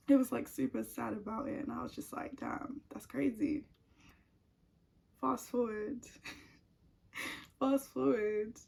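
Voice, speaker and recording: A woman's voice: fairly high pitch, fairly even intonation, unhurried, vocal fry, pauses often, a little mellow. A young woman telling a personal story at home in a chatty, casual way, full of "like" fillers. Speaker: vlogger.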